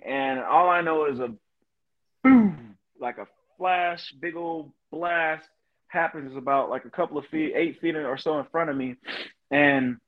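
The sound is phone-quality as a man with a slightly high voice speaks as a podcast guest. A Marine veteran and motivational speaker, he tells his personal story with earnest emotion, dropping in "you know" often.

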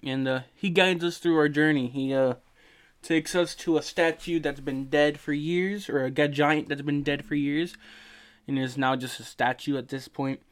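A man's voice: on the high side, steady tone, moderate pace, smooth. A sleepy, yawning man hosting his podcast, casually recapping a video game's story in a rambling way, full of fillers and swearing. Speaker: podcast host.

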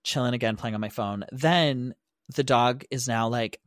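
A man's voice: mid-range voice, moderate pace, no echo, studio quality. A young man co-hosting a podcast, telling a story in casual chat, swearing freely and acting out the lines of the people in it. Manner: animated, swearing, acts out quotes. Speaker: podcast co-host.

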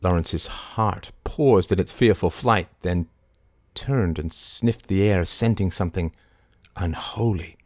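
A man narrating a novel in a low, measured storytelling voice. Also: a little mellow, dry recording, clean studio sound. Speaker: audiobook narrator. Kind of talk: scripted narration.

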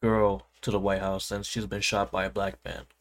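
A man's voice: low voice, level tone, normal speed, a crowd in the background. A man co-hosting a podcast, talking politics in a hesitant way with many fillers. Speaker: podcast co-host. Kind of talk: political chat.

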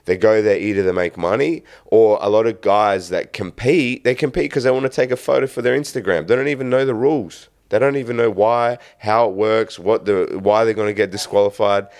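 Male podcast host, low voice, relaxed and chatty. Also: fairly quick, hardly any pauses. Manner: relaxed, loose, says "man" constantly. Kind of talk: casual interview talk.

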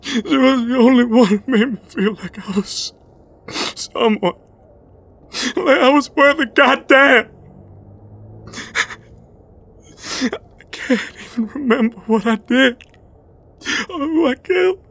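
A weary, hungover captive. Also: female voice, a bass voice, big pitch swings, a little slow, pauses often, fairly bright tone, breathy edge, full character voice. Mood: grieving. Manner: curt, bitter, breaking into sobs. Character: worn-out hungover woman captive, bitter. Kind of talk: audio drama acting.

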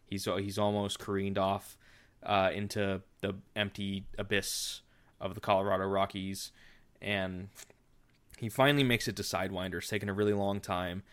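A man's voice: low voice, level tone, normal speed, a bit bright, smooth. A man hosting a podcast, casually retelling a story in a loose, rambling way. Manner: rambling, with frequent fillers and restarts. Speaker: podcast host.

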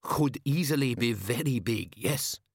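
A man's voice: mid-range voice, lively intonation, measured pace, vocal fry, breathy edge, no room sound, studio quality, heavily acted. Man doing a sly, teasing local. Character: Fei Fal, sly grinning man.

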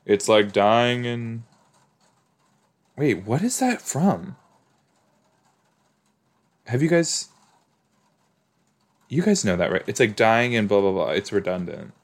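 Slow, gushing low-voiced man. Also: big pitch swings. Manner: gushing, exclaiming, laughs along. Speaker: podcast host. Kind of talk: reaction commentary while watching a TV episode.

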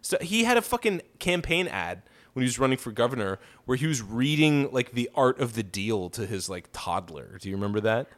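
A man's voice: mid-range voice, big pitch swings, fairly quick, few pauses, fairly bright tone. A man co-hosting a podcast, ranting and swearing through casual political chat, laughing often. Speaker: podcast co-host.

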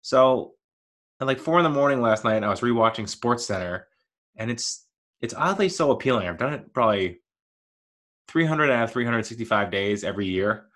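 A man's voice: medium pitch, lively intonation, normal speed, a bit bright. A man in his thirties talking casually on his own show, rambling and laughing at himself, mild-mannered and never raising his voice. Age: 30s. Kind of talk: casual solo monologue.

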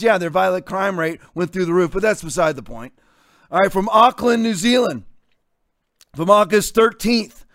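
A man's voice: sits high, moderate pace, a bit bright, dry recording, clean studio sound. A man in his fifties hosting a talk show, delivering combative, sarcastic commentary. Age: 50s. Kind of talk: opinionated commentary.

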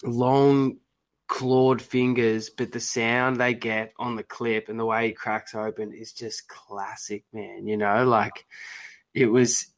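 A man's voice: medium pitch, flat delivery, takes it slowly. An Australian man hosting a podcast in a laid-back, chatty way, with casual swearing. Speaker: podcast host. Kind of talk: casual chat.

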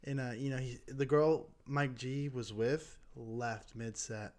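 A man's voice: medium pitch, steady tone, takes it slowly, darkish tone, slight background noise. A young man co-hosting a comedy podcast, telling crude rambling stories. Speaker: podcast co-host.

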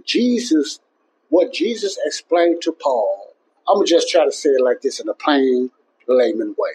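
A man's voice: on the high side, expressive, a little slow, mellow, husky, rough recording. A man teaching the Bible in an informal, emphatic way, often repeating himself and restarting his phrases. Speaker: Bible teacher and podcast host.

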